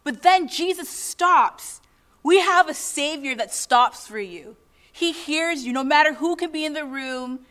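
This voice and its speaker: Earnest woman preacher, higher voice. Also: unhurried, a bit bright. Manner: earnest, asks the congregation many questions. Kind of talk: sermon.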